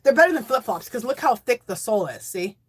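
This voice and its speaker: A woman hosting a crafting channel, talking in a chatty, rambling, excitable way as she shows off her makes. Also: fairly high pitch, fast talker, slight background noise. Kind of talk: casual show-and-tell chat.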